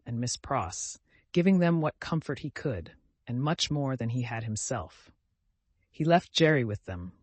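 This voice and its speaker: A man narrating an audiobook in a measured, even delivery. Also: mid-range voice, dry recording.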